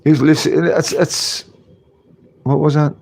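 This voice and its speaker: A man's voice: a little high, fairly even intonation, slow, vocal fry, darkish tone. A man hosting a casual live stream, reading chat comments and rambling with repeated phrases and casual swearing. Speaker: livestream host reading chat.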